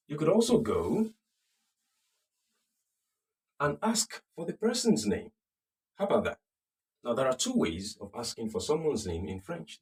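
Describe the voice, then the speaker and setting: A man teaching a recorded beginner French lesson, patiently repeating phrases slowly and checking in with the viewer. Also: fairly low pitch, darkish tone, distant mic.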